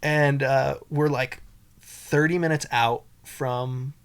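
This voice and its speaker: A man's voice: mid-range voice, steady tone, slow pace, smooth. A young man, a podcast guest, telling a story in a casual, rambling and emotional way, full of fillers and restarts.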